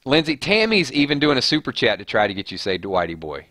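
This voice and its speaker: A man's voice: mid-range voice, very animated, fast, sharp tone, dry recording, studio quality. A man hosting a casual live stream, chatting and joking as he reads viewer comments. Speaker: livestream host. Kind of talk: casual chat.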